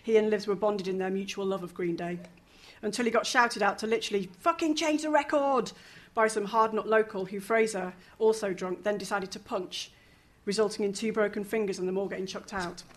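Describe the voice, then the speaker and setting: A woman reading a novel aloud, lively, with casual asides and the odd chuckle. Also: medium pitch, fairly quick. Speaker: reader.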